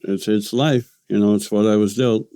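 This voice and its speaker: A man in his late forties, a podcast guest, speaking in a halting, matter-of-fact, self-deprecating way. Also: fairly low pitch, fairly even intonation, warm tone, clean tone, no room sound. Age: late 40s. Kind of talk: casual podcast chat.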